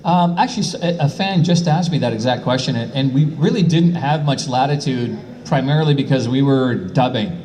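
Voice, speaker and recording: A man's voice: medium pitch, a little fast, darkish tone. Laughing male voice actor telling stories. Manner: laughing anecdotal storyteller. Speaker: voice actor guest. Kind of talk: convention panel storytelling. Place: convention panel hall.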